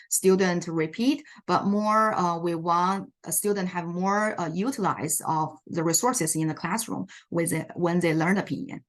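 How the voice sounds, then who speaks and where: A woman who teaches in an immersion classroom, giving a teacher training talk in a halting way with frequent ums and uhs. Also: lowish voice.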